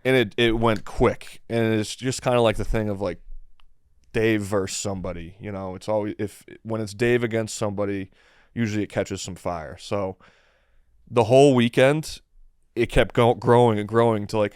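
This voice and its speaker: A young man tells a story at length in casual podcast chat, laughing at himself often. His voice is smooth and resonant, recorded close and dry with no room sound. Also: lowish voice, fairly even intonation, normal speed, darkish tone, no room sound. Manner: rambling, self-deprecating, laughs often. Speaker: podcast guest.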